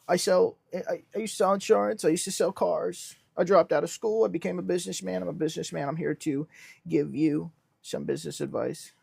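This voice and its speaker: A young man hosting a casual livestream, reading comments with a deadpan businessman act. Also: a little high, brisk, creaky, breathy edge, no echo. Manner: deadpan self-styled businessman persona. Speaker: livestream host.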